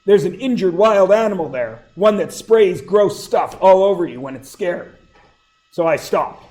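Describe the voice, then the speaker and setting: A man's voice: sits high, animated, measured pace, a little mellow, poor audio. A middle-aged man teaching math to a class, with a sore throat, asking the students question after question. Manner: questioning, prompts students for answers. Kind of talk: classroom lecture.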